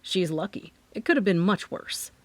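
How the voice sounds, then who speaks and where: A woman reading an audiobook, voicing a calm, reassuring male doctor. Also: lowish voice, normal speed, no echo.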